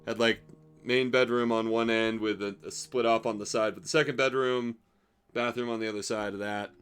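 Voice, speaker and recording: A man's voice: medium pitch, steady tone, normal speed, fairly bright tone, smooth. A young man telling a rambling, profanity-laced story about a bad job, exasperated and wry. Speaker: streamer telling stories. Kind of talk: casual storytelling.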